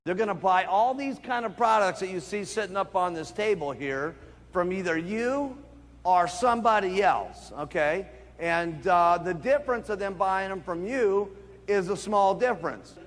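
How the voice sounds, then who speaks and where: Emphatic high-voiced man in a hall. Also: normal speed. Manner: emphatic, repetitive, preaching. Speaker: company founder speaking to distributors. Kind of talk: motivational sales seminar talk. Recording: long hall reverb.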